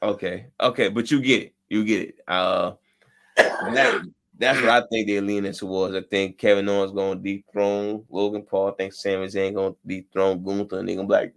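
A man's voice: on the low side, flat delivery, moderate pace, fairly bright tone. A man co-hosting a casual wrestling podcast, talking bluntly with slang and profanity. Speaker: podcast co-host.

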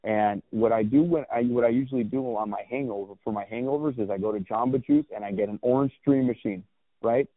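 A man's voice: medium pitch, a little fast, no room sound. A man in his thirties telling a personal story as a guest, candid and rambling, with lots of restarts and swearing. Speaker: guest, clothing brand founder. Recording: tinny phone-like dry sound.

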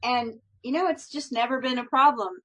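A woman's voice: fairly high pitch, fairly quick, a bit bright, breathy edge, poor audio. A middle-aged woman, a life coach, chatting in an upbeat, reassuring way and laughing often. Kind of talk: casual chat.

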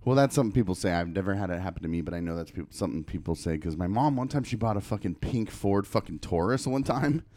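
A man's voice: low-pitched, animated, fast talker, hardly any pauses, mellow, dry recording. A man co-hosting a podcast, swearing freely and acting out other people's lines as he tells a story. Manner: profane, storytelling, acts out quotes. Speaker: podcast co-host. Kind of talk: casual chat.

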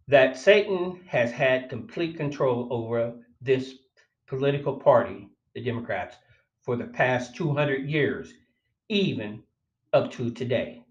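A man's voice: mid-range voice, roomy sound, muffled recording. A man hosting a podcast, reading his own written commentary aloud with emphatic stress on single words and breaking off for spoken asides. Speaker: podcast host.

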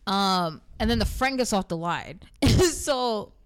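Picture a woman telling a long story in casual chat, with middle-pitched talk. She swears freely and acts out what everyone said. The delivery is lively and blunt. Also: slow pace, clean tone.

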